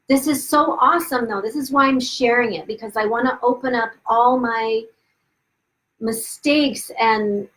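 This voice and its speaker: A woman's voice: fairly high pitch, a bit bright, rough recording. A woman hosting a live video stream, telling her own story in a candid, casual way with frequent asides and restarts, laughing at her past. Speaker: host of a live video series. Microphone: webcam or phone, live stream.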